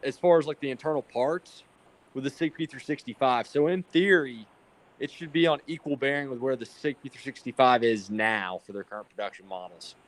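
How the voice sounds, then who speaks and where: A man's voice: medium pitch, brisk. A man guesting on a casual online chat, asking questions and talking things through. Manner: inquisitive, talks things through. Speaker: guest, holster maker.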